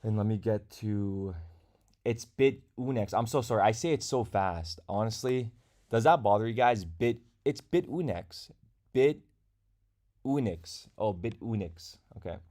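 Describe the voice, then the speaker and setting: A man's voice: on the low side, animated, moderate pace, a little mellow. A man hosting a casual crypto livestream, chatty and talking straight to his viewers, at a desk microphone in a room at home. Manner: chatty, reads viewer comments aloud.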